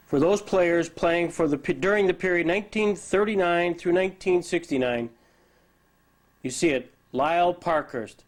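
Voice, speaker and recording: A man narrating a documentary and asking interview questions, with a measured delivery. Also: a little high.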